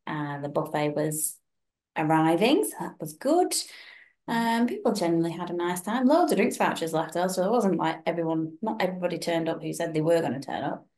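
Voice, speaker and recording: A young woman chatting on a podcast with a fairly low voice. She tells her stories with energy and slips into the voices of the people she quotes. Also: fairly quick. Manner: animated storytelling, acting out quoted voices. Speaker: podcast co-host. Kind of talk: casual chat.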